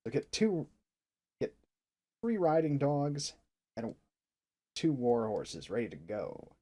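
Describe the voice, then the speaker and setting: A man's voice: mid-range voice, wildly swooping pitch, slow, dark tone. A man playing a tabletop game, teasing the others in mock-serious banter. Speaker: player.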